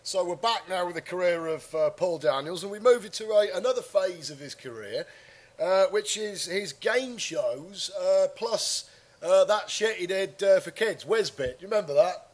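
Rambling, crude high-voiced male host. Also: animated, moderate pace. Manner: crude, rambling, many fillers. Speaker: comedy podcast host. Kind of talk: casual comedy chat.

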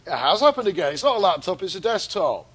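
High-voiced crude co-host. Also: male voice, big pitch swings, fairly bright tone, slightly rough. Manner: quick-witted, crude, teasing. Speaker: podcast co-host. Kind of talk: casual comedic banter.

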